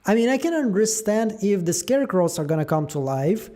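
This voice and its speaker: High-voiced man musing over show theories. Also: brisk. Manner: musing aloud, animated, trailing fillers. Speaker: show theory channel host. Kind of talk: casual theory breakdown.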